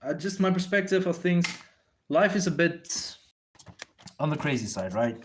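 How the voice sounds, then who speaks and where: A man with a somewhat high voice chats to his viewers while inking comic pages. He thinks out loud, drifts between topics and swears freely, never breaking from the drawing. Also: lively intonation, normal speed, a little hiss or hum. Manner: loose, profane, thinks aloud and answers viewers. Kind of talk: casual rambling livestream chat.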